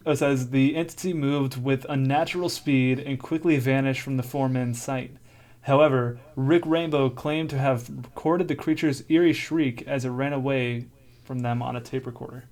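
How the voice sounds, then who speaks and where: Medium in pitch, steady, and a little mellow, this co-host talks at a moderate speed on a laid-back podcast. He laughs a lot, joking with his partner and reading out notes from his sources in between.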